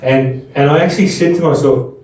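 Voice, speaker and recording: A man's voice: mid-range voice, fairly quick, a little mellow. A middle-aged man giving a conversational, anecdote-filled talk to a live audience in a room at a Buddhist seminar. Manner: conversational and anecdotal, with frequent restarts. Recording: very echoey room, voice from far off.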